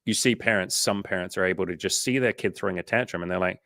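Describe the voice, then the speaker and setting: A man's voice: low voice, quick pace, vocal fry, few pauses, bright, forceful tone, no echo, studio quality. A young Australian man coaching casually on a livestream, swearing freely and acting out inner voices as he talks.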